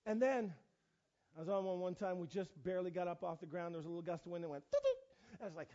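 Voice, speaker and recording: A middle-aged man preaching a storytelling sermon, animated and self-mocking, with many restarts and fillers. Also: high-pitched, racing. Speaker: pastor. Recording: dull lo-fi recording.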